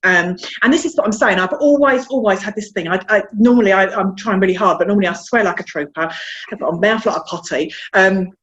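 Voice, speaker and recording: A woman's voice: medium pitch, fast, a bit bright. Guest, woman, South London accent, chatty and candid, self-deprecating, slightly muffled recording. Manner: chatty, frank, self-deprecating, repeats words. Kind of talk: candid interview chat.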